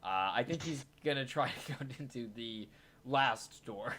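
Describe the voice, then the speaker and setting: A man playing a tabletop game, talking casually in a relaxed, hesitant way. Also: mid-range voice, a little slow, slight background noise.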